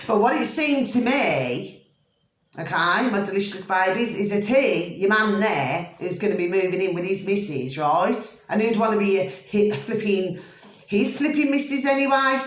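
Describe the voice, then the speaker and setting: Animated woman ranting, echoey room. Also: mid-range voice. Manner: animated, repeats "I said", calls viewers "my delicious little babies". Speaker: vlogger. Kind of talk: ranting monologue to viewers.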